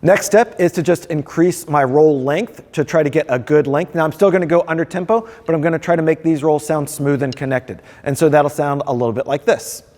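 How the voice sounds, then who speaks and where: A man's voice: on the high side, a little fast, few pauses, darkish tone. Man, music professor, instructional tone, reverberant hall sound. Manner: friendly step-by-step explaining. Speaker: percussion professor. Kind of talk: instructional video.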